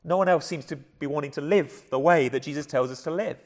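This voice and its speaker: A hoarse man with an English accent, preaching a sermon in an earnest, conversational way with frequent repeated starts. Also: fairly high pitch, a little fast, darkish tone, in a large hall. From England. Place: church.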